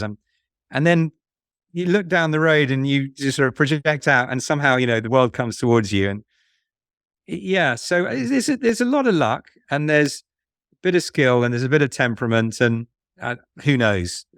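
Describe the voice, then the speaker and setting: A man being interviewed about investing, speaking in a musing, halting way with many restarts. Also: mid-range voice, a bit bright, dry recording, studio quality. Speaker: fund manager guest. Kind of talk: conversational podcast interview.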